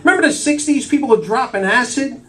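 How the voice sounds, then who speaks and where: A man's voice: very high-pitched, expressive, fast, sharp tone, slight background noise. A man in his fifties doing a stand-up routine on a small cafe stage, forever saying "I'll tell you" between jokes. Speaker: stand-up comedian. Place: small cafe stage before a live audience. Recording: voice from far off in a cafe.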